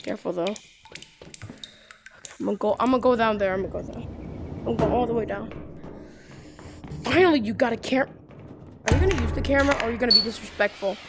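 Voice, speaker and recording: A woman giving casual gameplay commentary with excitable, bossy trash talk. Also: a little high, fast, pauses often, background noise. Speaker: gamer.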